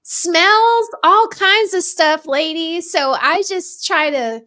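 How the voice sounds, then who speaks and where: A woman's voice: very high voice, slow pace, bright, forceful tone. A young adult woman co-hosting a casual podcast chat, laughing often as she talks. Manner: giggly, laughs often between remarks. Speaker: podcast co-host.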